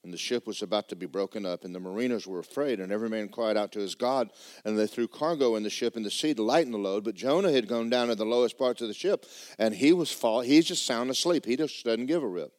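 Pastor preaching with folksy drama. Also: male voice, on the low side, fast talker. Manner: folksy storytelling, rising to loud dramatic reading. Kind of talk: sermon. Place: church.

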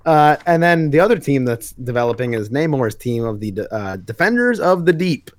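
A man's voice: medium pitch, big pitch swings, moderate pace, no echo. A young man co-hosting a comics podcast in casual, rambling chat, full of fillers. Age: young adult. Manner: rambling, many fillers, acts out quotes. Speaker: podcast co-host.

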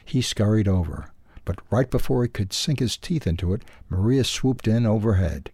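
A man with a low, gravelly voice reads a children's story aloud in a calm, even way. His tone is dark and a little husky. The recording is close and dry. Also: normal speed, no room sound. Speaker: newsletter audio reader. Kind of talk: storybook narration.

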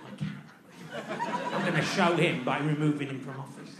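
A man's voice: a little high, fairly even intonation, normal speed, music in the background, voice pushed down, natural voice. A comedian playing a petty, thin-skinned male God who barks out indignant orders. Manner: indignant ranting, barking orders. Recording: echoey venue with audience laughter.

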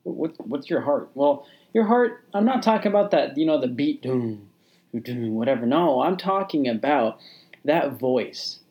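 A man's voice: on the high side, lively intonation, unhurried, a little mellow, faint music behind. A man delivers a motivational podcast monologue straight to the listener. His talk is casual and repetitive, and he often restarts his sentences and leans on fillers. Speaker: podcast host.

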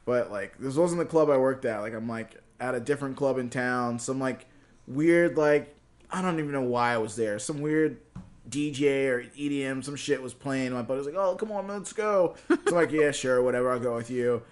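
A man hosting a casual chat, telling stories in an animated way with swearing and laughs. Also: mid-range voice, fairly quick.

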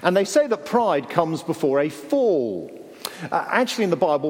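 A man's voice: on the high side, big pitch swings, moderate pace, darkish tone, in a large hall. An English man preaching a sermon, telling stories animatedly and acting out the voices he quotes. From England.

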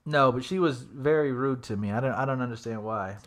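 A man's voice: mid-range voice, brisk. A young man telling a funny story in casual chat, swearing freely and acting out the voices of the people he quotes.

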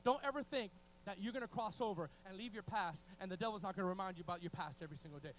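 A man preaching a sermon in a strikingly high voice, excitable and full of restarts. He shifts between loud outbursts and near-whispers. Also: very fast, few pauses, slight background noise, poor audio. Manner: excitable, restarts often, swings from shouting to hushed.

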